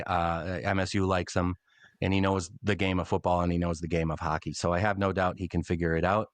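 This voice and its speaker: A middle-aged man, a longtime public address announcer, telling animated stories in a casual podcast interview. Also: sits low, no echo. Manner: animated storyteller, acts out quotes.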